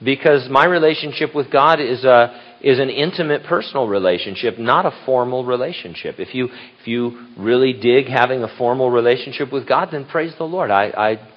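A man's voice: medium pitch, normal speed, hardly any pauses. Older male pastor, casual rambling sermon. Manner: casual, rambling with restarts and asides. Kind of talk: conversational sermon. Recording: dull lo-fi recording.

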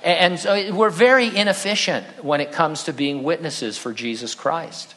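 A man's voice: on the high side, moderate pace, a bit bright. Man preaching in a reverberant hall. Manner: expository preaching with dry sarcastic asides. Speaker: pastor. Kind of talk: sermon.

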